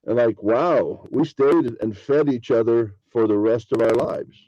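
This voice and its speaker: Mellow-voiced man musing on faith. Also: mid-range voice, unhurried, dry recording, lo-fi sound. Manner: rambling, acts out imagined dialogues in a raised voice. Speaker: podcast host. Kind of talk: casual spiritual monologue.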